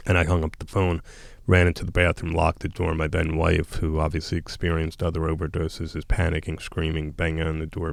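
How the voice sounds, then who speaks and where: A man's voice: very deep voice, monotone, brisk, vocal fry, no room sound. A man telling a raw personal story as a podcast guest, bluntly and emotionally, often restarting his sentences. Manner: blunt, emotional, with frequent restarts and quoted dialogue. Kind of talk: candid storytelling in a podcast interview.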